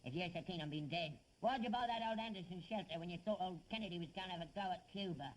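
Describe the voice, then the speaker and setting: A man's voice: sits high, quick pace, a little hiss or hum, close to an everyday voice. An actor playing a cantankerous old rag-and-bone father, nagging and reproachful in a 1960s sitcom. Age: older. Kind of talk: 1960s studio sitcom acting.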